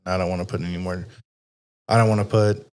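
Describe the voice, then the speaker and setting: Low, flat-voiced man chatting casually. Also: fast, clear, resonant tone. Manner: rambling, frequently swearing, many fillers. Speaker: podcast host. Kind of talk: casual conversational chat.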